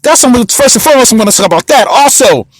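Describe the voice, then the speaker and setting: High-voiced man hosting a casual podcast. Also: racing, no room sound. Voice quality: sarcastic, rambling delivery. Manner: sluggish, mock-excited intro. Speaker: podcast host.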